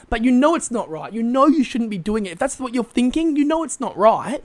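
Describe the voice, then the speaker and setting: A man's voice: extremely high pitch, sing-song, fairly quick, few pauses. Stammering, chatty podcast co-host man. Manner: stammering, repeats words, laughs often. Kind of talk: casual podcast chat.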